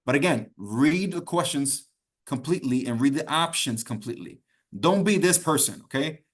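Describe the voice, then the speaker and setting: A man with a slightly high, animated voice teaches exam prep in a live online class at a moderate pace. Encouraging and chatty, he restates the main points over and over and keeps asking "okay?".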